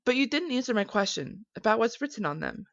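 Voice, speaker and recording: A woman's voice: a little high, sing-song, fast, dry recording. A woman voicing a wry, probing detective who asks sarcastic questions, in a dull lo-fi recording.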